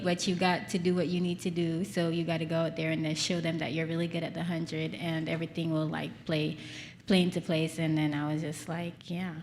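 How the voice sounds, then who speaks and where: A woman's voice: low voice, flat delivery, fairly quick, big-room sound, a little hiss or hum. Playful woman in her twenties. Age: 20s. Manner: giggly, playful storytelling. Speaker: hurdler at press conference. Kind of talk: press conference answers.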